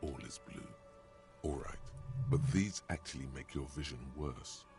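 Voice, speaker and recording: Brief: a grave, very low, gravelly game narrator. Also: male voice, unhurried, music in the background, heavily acted. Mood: solemn. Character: deep-voiced male game narrator, solemn.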